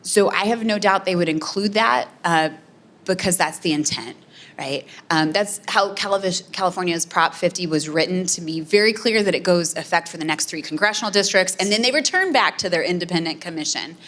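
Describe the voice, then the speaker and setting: A woman's voice: on the low side, a little fast, a bit bright. A woman political scientist answering audience questions at a community meeting, explaining earnestly with frequent "um" and "right?". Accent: American Midwestern. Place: community center meeting room.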